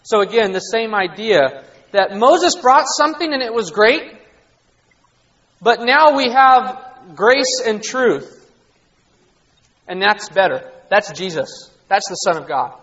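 A man's voice: high voice, expressive, takes it slowly, a bit bright, lo-fi sound. A man teaching a Bible lesson as a preacher, earnest and emphatic, pushing his voice up to stress key points.

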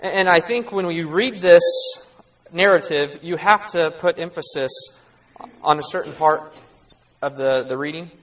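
A high-pitched man delivers a sermon-style Bible lesson, earnest and emphatic. He lifts his voice to drive home each point. The recording sounds dull and lo-fi. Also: a little slow, a bit bright. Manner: earnest, emphatic, rising to stress key points. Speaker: preacher.

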